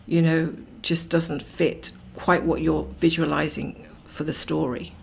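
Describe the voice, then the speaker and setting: A woman's voice: low-pitched, level tone, measured pace, creaky, darkish tone, slight background noise. A woman hosting a cross-stitch livestream, chatting casually and rambling while she greets viewers by name and laughs often.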